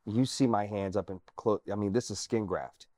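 Speaking as an interview guest, this former soldier recounts his own story with earnest energy, occasionally lowering his voice nearly to a whisper. He has a lowish voice and a moderate pace, captured as clean studio sound without echo.

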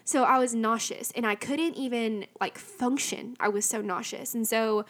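A woman's voice: fairly high pitch, fairly even intonation, moderate pace. A young adult woman telling a personal faith story in a chatty, candid way, full of fillers and restarts. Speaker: speaker sharing a personal faith testimony.

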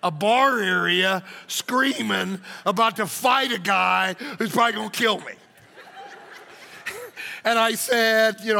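A man pastor, telling an animated, joking story in a sermon. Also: sits high, vocal fry, long reverb tail. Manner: animated, jokey, acts out shouting crowds.

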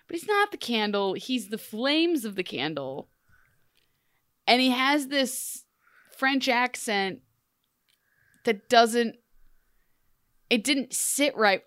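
A woman's voice: fairly high pitch, sharp tone, dry recording, studio quality. A woman co-hosting a casual chat show, speaking conversationally and laughing between remarks. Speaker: podcast co-host.

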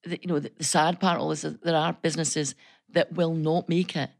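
A middle-aged Scottish woman, a business leader and radio guest, telling stories in an animated, chatty way with frequent restarts. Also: low-pitched, a little fast, vocal fry, no room sound, clean studio sound. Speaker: business chamber chief executive, guest. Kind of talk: casual radio chat.

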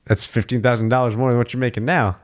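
A man's voice: mid-range voice, little pitch movement, quick pace. A man co-hosting a casual podcast, joking around and laughing often. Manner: joking, laughs often, acts out a shouting cornerman. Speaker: podcast co-host.

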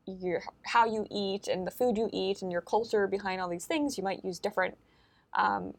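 A woman's voice: medium pitch, moderate pace, vocal fry. A woman co-hosting a podcast, talking casually about ancient history with many fillers and restarts. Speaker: podcast co-host.

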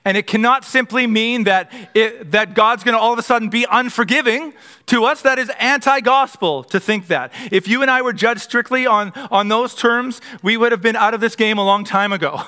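A male pastor with a high, bright voice delivers a sermon in an easy, conversational way. He slips humorous asides into the scripture reading and sometimes stops to correct himself. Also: moderate pace, clear, resonant tone.

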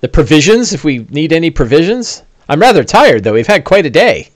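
A man's voice: fairly high pitch, big pitch swings, fairly quick, no echo, voice pushed up. A man voicing a polite, weary male sidekick who speaks in a courteous, dry manner.

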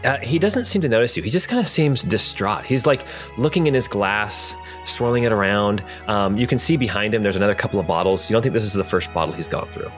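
A man's voice: on the low side, lively intonation, quick pace, hardly any pauses, fairly bright tone, soft background music. A man narrating a tabletop game as game master in a rambling way, with many fillers.

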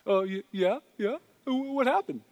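A man voicing an eager, gullible pet dog with a high, excited, stammering voice. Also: moderate pace, highs cut off. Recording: long reverb in a large hall.

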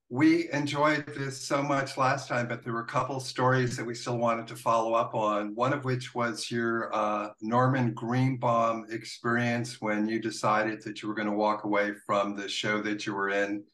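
A man hosting a comedy podcast interview, speaking in a halting way with many fillers. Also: medium pitch, little pitch movement, fairly bright tone, reverberant. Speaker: podcast host. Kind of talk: casual interview.

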